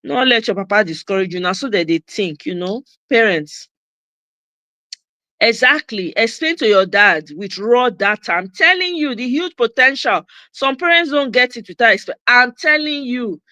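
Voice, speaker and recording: A Nigerian woman hosting a casual livestream, her voice bright and a little high. She speaks emphatically and slips between Pidgin and English. The sound is dry and close. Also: animated, moderate pace, no room sound. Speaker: host.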